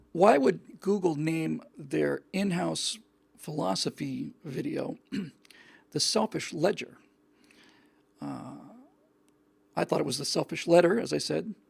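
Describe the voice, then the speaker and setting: A man's voice: a little high, creaky, breathy edge, no echo. A male show host giving an earnest opinion monologue, often repeating words and restarting his sentences.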